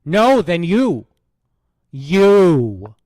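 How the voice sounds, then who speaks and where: A man doing a loud, repetitive parody impression of a male comedian. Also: sits high, very animated, extremely slow, dry recording, clean studio sound, pitched above the performer's own voice, full character voice. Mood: mocking. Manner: shouty, repetitive, strained.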